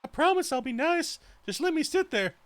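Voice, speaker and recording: A man voicing a needy female house cat who sweet-talks and begs for attention in a high, squeaky voice. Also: animated, moderate pace, fairly bright tone. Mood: pleading. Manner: sweet-talking, begging.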